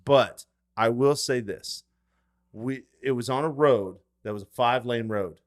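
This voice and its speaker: A man in his thirties swaps stories on a casual podcast, cursing freely and acting out what people said. His pitch sits in the middle for a man. He shifts between loud outbursts and quieter asides. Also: unhurried. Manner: animated storyteller, swears a lot, acts out quotes. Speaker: podcast co-host. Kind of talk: casual chat.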